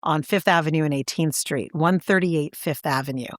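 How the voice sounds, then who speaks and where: A woman co-hosting a podcast, chatting and telling stories with animated impressions. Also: deep voice, moderate pace, dry recording, studio quality. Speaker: podcast co-host. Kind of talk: casual chat.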